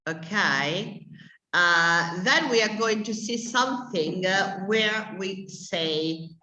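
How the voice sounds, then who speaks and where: A woman teaching an adult English class, explaining slowly and carefully with many pauses. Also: medium pitch, animated, bright, forceful tone, echoey room, dull audio. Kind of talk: adult language lesson.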